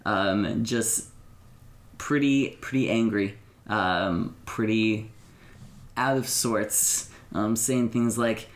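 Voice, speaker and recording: A man narrating as game master of a tabletop game, talking haltingly with fillers and restarts. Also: fairly low pitch, fairly even intonation, echoey room.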